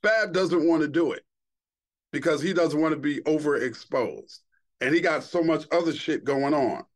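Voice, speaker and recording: A former television host from Queens, New York, now middle-aged, sits in as a podcast guest and tells swear-laden tales in a casual way. His slightly high voice moves at a moderate speed, animated and dramatizing each quote.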